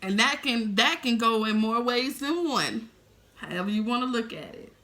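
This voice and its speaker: A woman in her thirties telling a story straight to her viewers, animated and heavy on profanity. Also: fairly high pitch, normal speed. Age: 30s. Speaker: vlogger.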